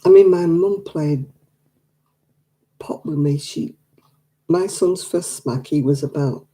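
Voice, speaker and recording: With a deep, warm voice, an older woman from England chats at a craft night, spinning stories and performing the dialogue within them.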